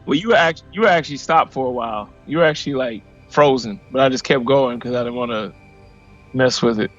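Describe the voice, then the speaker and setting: Man, 40s, from Missouri, podcast guest, animated personal story, acts out quotes, muffled audio, faint music. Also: medium pitch, a little fast. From Missouri, USA.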